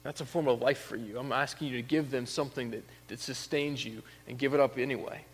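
A pastor giving a conversational sermon that rises to emphatic peaks. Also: male voice, mid-range voice, steady tone, fast, slightly rough, big-room sound.

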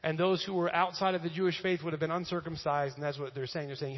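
A man's voice: a little high, flat delivery, quick pace, hardly any pauses. A male pastor giving a casual, joking sermon in a church, often using fillers. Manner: conversational and joking, with frequent fillers. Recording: echoey hall, dull lo-fi sound.

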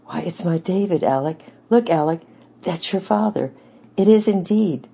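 A man's voice: medium pitch, fairly quick, vocal fry, warm tone, husky. A man voicing an elderly island grandfather who is hearty and emotional, in a raised, exclaiming manner. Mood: overcome. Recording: dull lo-fi recording.

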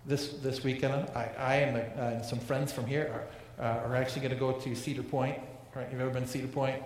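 A man's voice: medium pitch, flat delivery, brisk, slight background noise. Man preaching a sermon in an echoey hall. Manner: earnest, repeats words and restarts often. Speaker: pastor. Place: large church hall. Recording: echoey hall with long reverb.

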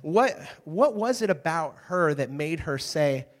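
A man in his thirties speaking to a live group, telling stories in an energetic, animated way with asides to the crowd. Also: a little high, a little slow. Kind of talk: energetic talk to an audience. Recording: reverberant hall.

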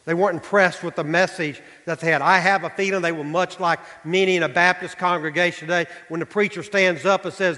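A man's voice: fairly high pitch, brisk, hardly any pauses, in a large hall. A male pastor, preaching a sermon with rising, emphatic delivery. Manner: animated preaching, voice rising to near shouts. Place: church sanctuary.

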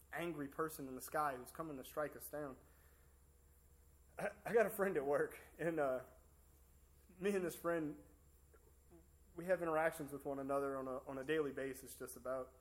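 Guy preaching at church, chatty and loose, lots of um and like, voice on the higher side. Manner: casual, conversational preaching with many fillers and restarts. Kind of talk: sermon. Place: church service.

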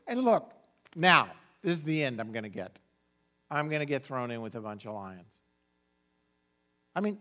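A pastor preaching a sermon, telling a story with joking asides. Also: male voice, high voice. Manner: animated storytelling with asides and jokes.

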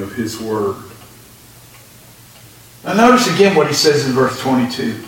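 A man's voice: on the high side, lively intonation, normal speed, a bit bright. A male pastor preaching a sermon and reading Scripture with emphasis. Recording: echoey church sound from a distant mic.

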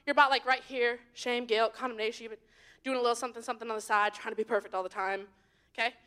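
A young woman giving an informal sermon to young people, chatty and animated, swinging between loud and hushed. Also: a little high, fast talker, clear, resonant tone. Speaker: youth leader giving a message.

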